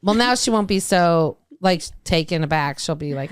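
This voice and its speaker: A woman's voice: lowish voice, animated, normal speed, clear, resonant tone, no room sound. A woman in casual podcast chat who laughs often. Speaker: podcast co-host.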